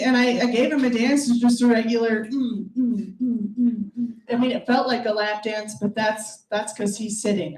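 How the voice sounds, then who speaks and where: A woman's voice: fairly high pitch, darkish tone, roomy sound, distant mic, rough recording. A woman performing a stand-up comedy set, blunt, crude and self-deprecating, to a live audience. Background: audience laughter.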